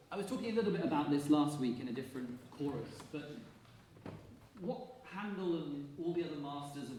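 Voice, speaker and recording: Guy coaching a choir, slightly high voice, upbeat and chuckly, booming room, faint hiss. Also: mellow. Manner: encouraging, brisk, laughs often. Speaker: choir conductor. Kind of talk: choir rehearsal instruction. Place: rehearsal hall. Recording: echoey hall from far off.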